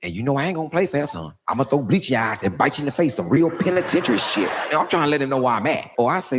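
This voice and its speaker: A man's voice: mid-range voice, very fast, hardly any pauses. A middle-aged man telling a comic story about his son, boastful and acting out every line of dialogue. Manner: boastful, animated, acts out dialogue. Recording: noticeable background noise.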